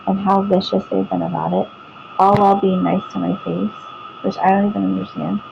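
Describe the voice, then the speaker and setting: Gravelly-voiced Texan woman on lo-fi audio. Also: mid-range voice. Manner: calm, even and rambling, often trailing off and restarting. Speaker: vlogger. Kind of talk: casual talk to camera while showing her computer screen. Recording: dull lo-fi home recording with clear background noise.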